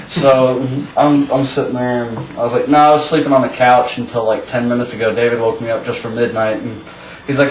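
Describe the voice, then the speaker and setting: A man's voice: medium pitch, level tone, fairly quick. Young man telling a rambling story. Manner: rambling storyteller, laughs often. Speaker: co-host telling stories. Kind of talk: casual chat. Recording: echoey room, mic far off, faint hiss.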